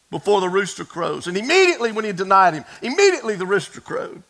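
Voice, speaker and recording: A pastor delivers a sermon in a high, bright voice. He tells the story with drama, falling to near whispers and climbing to shouts as he speaks right to his congregation. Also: very animated, quick pace, creaky, hardly any pauses, poor audio. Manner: dramatic storytelling, dropping to a hush and rising to shouts; addresses the congregation directly.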